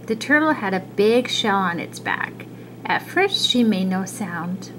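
A woman reading a children's picture book aloud, expressive and adding little asides about the pictures. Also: medium pitch, a little slow, a little hiss or hum, poor audio. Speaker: storybook reader.

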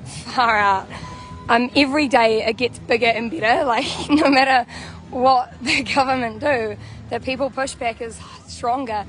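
Her fairly bright, higher voice moves at a measured pace as she walks through an outdoor camp on a livestream vlog. The young New Zealander is bubbly and talkative, laughing often, holding her phone as music plays nearby.

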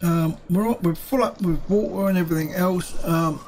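Male game host, casual running commentary, higher-pitched, mild swearing; noisy mix. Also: moderate pace, darkish tone. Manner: chatty, muttering to himself, swears lightly. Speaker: gaming video host.

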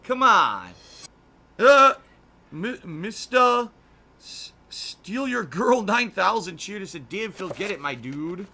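A man live-streaming a video game, swearing, shouting at jump scares and thanking viewers for donations. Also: high voice, very animated. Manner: profane, quick to yell at scares and thank donors. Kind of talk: live gameplay commentary. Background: game music.

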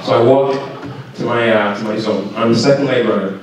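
Young man from canada, keynote in a school hall, lively storyteller, big echo, mic far off. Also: mid-range voice, brisk, noisy background. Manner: lively storyteller who acts out shouted quotes. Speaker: keynote speaker. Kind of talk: storytelling speech to students.

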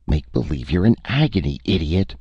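A man playing a gruff, desperate male space trader in armor, barking urgent lines in a dry, lo-fi recording. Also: sits low, sing-song, normal speed, warm tone, dry recording, voice pushed up, full character voice. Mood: rough brawling.

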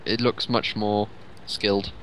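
A man co-hosting casual gameplay commentary, excitable and full of joking banter. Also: on the low side, a little slow, background noise. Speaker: co-host.

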